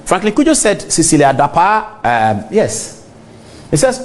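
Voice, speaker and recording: A man's voice: fairly high pitch, measured pace. A middle-aged man with a Ghanaian English accent, hosting a TV talk show and speaking straight to his viewers. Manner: animated, talks straight to viewers. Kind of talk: on-air commentary.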